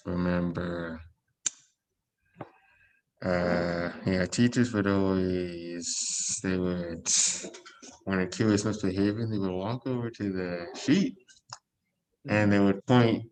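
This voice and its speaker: Low-voiced easygoing man. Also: a little hiss or hum, low-quality recording. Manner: relaxed, easygoing, fond of quick agreeing murmurs. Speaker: podcast co-host. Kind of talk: casual chat.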